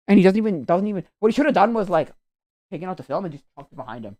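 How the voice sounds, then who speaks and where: A woman's voice: lowish voice, sing-song, very fast, mellow, no echo. A woman streamer in casual chat, ranting with lots of slang and filler about a movie.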